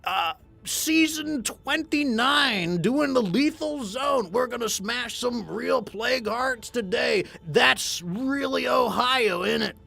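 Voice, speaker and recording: A man putting on an overhyped, goofy gaming streamer persona, loud and full of exaggerated slang. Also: extremely high pitch, lively intonation, slow pace, gravelly, few pauses, pitched above the performer's own voice, full character voice. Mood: hyped.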